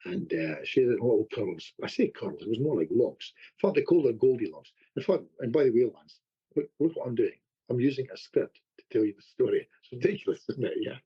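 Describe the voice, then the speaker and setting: A man who works as a hypnotherapist, a guest telling animated stories in a podcast conversation, often restarting his sentences. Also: mid-range voice, fairly quick, slightly rough, muffled recording. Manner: animated anecdotes with repeated restarts.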